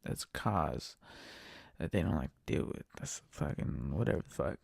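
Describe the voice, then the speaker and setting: A man's voice: a bass voice, normal speed, vocal fry, husky, no room sound, studio quality. A man hosting a podcast, talking alone in a casual rant, swearing constantly and circling back over his points. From United States. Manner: swears constantly, repeats himself, animated venting. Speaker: podcast host. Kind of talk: casual profane monologue rant.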